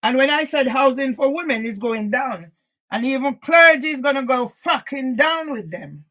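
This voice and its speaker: A woman with a high voice rants to camera in an upset, agitated monologue. She swears constantly and keeps throwing out a challenging "yeah?". Her voice sounds emotional and near tears. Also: expressive, moderate pace, a bit bright, rough recording. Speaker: vlogger. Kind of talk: angry personal monologue to camera.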